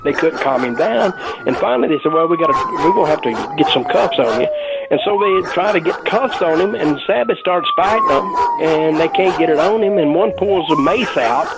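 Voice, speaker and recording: Here the older guest's voice sits high and swoops wildly in pitch as he talks briskly. He's still a salty, chuckling storyteller, winding through a casual anecdote full of swearing over a noisy background.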